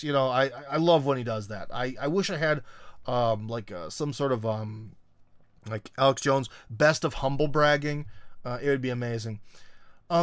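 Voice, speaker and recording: A man's voice: medium pitch, normal speed, no echo. A man hosting a live stream, reading viewer comments and answering in an opinionated, sarcastic, conversational way. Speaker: host.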